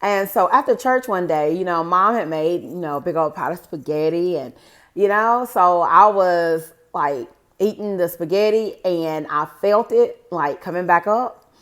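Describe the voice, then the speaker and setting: A woman's voice: lowish voice, measured pace. A woman in her forties telling a personal story to her viewers in a chatty, rambling way, often calling them "guys". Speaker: vlogger. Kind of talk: casual storytime to camera.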